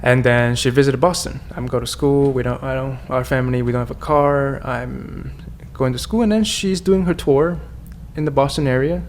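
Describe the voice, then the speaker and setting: Gravelly man. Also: mid-range voice, steady tone, moderate pace, few pauses, a little hiss or hum. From China. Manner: earnest, candid, with frequent restarts. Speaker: podcast guest. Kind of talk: personal storytelling in conversation.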